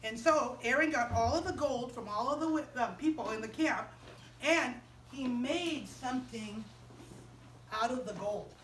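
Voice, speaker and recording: A woman teaching a Bible story to children in a chapel, animated and quizzing them as she goes. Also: on the high side, measured pace, distant mic, a little hiss or hum. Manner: animated, asks the children questions. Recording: roomy chapel, voice off-mic.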